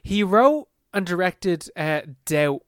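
A young man co-hosting a podcast in casual chat, talking fast with lots of fillers and the odd swear. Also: high-pitched, expressive, clear, resonant tone, no room sound. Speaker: podcast co-host.

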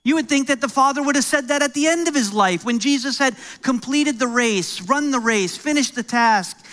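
A man's voice: extremely high pitch, normal speed, a bit bright. A middle-aged man from New York with an American accent, preaching a sermon as pastor in a conversational, joking way with rising emphasis.

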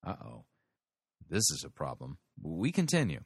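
A man hosting a show, commenting on a sermon clip in a deliberate, critical way and stressing key words. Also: rumbling low, huge pitch swings, gravelly, breathy edge, no echo, studio quality. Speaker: podcast host critiquing a sermon.

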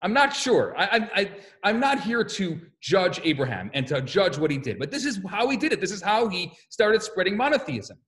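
A male rabbi giving a storytelling lecture, animated and acting out the voices in his stories. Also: sits high, moderate pace, hardly any pauses. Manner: animated, acts out quotes, repeats words when restarting.

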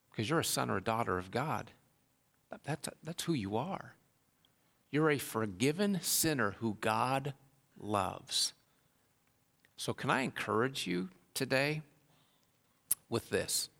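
A man's voice: medium pitch, animated, slow, vocal fry, pauses often, a bit bright. A man preaching a sermon, earnest and heartfelt, building into raised, emphatic passages. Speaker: pastor.

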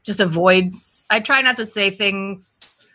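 A woman's voice: medium pitch, sharp tone. A woman from Wisconsin with an Upper Midwest accent, a podcast guest in casual chat who rambles and restarts her sentences. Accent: Upper Midwest American. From Wisconsin, USA. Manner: rambling, halting, many restarts.

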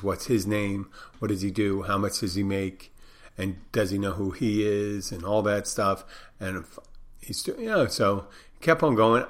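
A man's voice: on the low side, fairly bright tone. An older man, a bartender, telling a story in a rambling, frank way, full of restarts and blunt words. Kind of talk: casual storytelling monologue.

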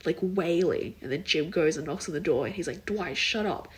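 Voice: medium pitch, fairly quick, low-quality recording. Rambling young podcast host. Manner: rambling, filler-heavy, many likes and kind ofs. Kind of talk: casual solo podcast chat.

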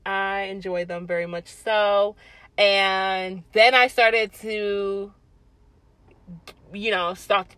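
A woman's voice: mid-range voice, extremely slow, low-quality recording. Blunt, swearing young woman vlogger. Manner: blunt, animated, swears freely. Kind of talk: casual storytime chat.

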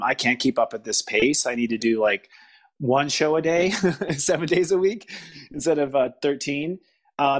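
A man speaking as a guest in a casual spiritual conversation, pausing, restarting and searching for words. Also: medium pitch. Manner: halting, searching for words, frequent restarts and laughs. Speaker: podcast guest.

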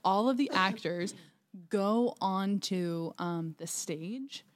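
A woman's voice: mid-range voice, takes it slowly. A young woman co-hosting a podcast, telling a story in casual chat with lots of fillers and restarts. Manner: chatty storytelling with many fillers. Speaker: podcast co-host.

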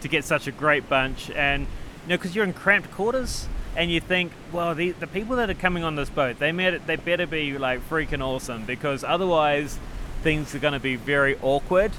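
A man's voice: a little high, normal speed, pushed and bright, a little hiss or hum. A man with a New Zealand accent narrating a travel vlog in a wry, upbeat way. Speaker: travel vlogger.

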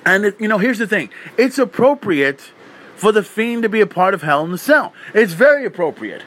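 A man's voice: sits high, sing-song, brisk, a bit bright. A man hosting a podcast, giving a heated, opinionated rant with incredulous questions and stumbling restarts. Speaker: podcast host.

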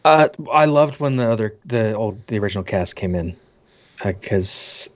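A man's voice: on the low side, lively intonation, normal speed. A man appearing as a guest on a podcast, giving brief, easygoing replies. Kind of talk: casual chat.

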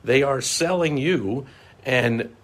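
A middle-aged man and marketing consultant in a solo podcast monologue, telling stories in an animated way and acting out the voices of people he quotes. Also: medium pitch, slow pace.

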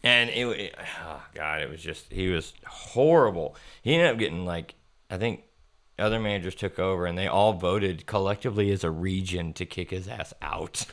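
A young man hosting a podcast, telling work stories in a profane, animated way and laughing often. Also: low voice, moderate pace. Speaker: podcast host. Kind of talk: casual storytelling chat.

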